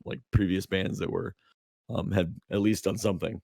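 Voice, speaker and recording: A man's voice: low-pitched, steady tone, normal speed, vocal fry, a little mellow, husky, no echo, studio quality. A man co-hosting a podcast, telling a long story in casual chat, rambling with lots of fillers and restarts. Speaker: podcast co-host.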